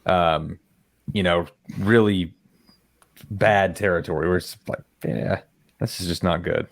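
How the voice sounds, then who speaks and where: A man's voice: low voice, steady tone, unhurried, vocal fry. A man co-hosting a movie review podcast, talking in a laid-back, joking casual way. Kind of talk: casual chat.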